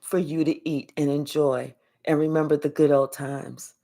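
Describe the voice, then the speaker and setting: A woman's voice: sits low, little pitch movement, normal speed, mellow. A woman giving a spiritual reading as a blunt, sassy storytelling monologue full of slang. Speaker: spiritual reader.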